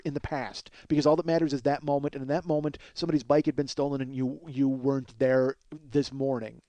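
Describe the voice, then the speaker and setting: A man's voice: medium pitch, steady tone, fast, few pauses, warm tone, no room sound. Exasperated man ranting through a story. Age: 40s. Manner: profane, exasperated, storytelling with quoted exchanges. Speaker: podcast host. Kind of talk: rambling comic monologue.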